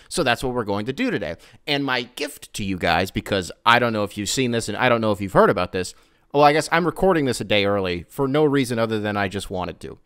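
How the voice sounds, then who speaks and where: A man's voice: on the low side, expressive, fast talker, fairly bright tone, clear, resonant tone, no echo, clean studio sound. A man hosting his own podcast alone, talking in a chatty, digressive, self-mocking way. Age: adult. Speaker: podcast host. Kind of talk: casual solo podcast monologue.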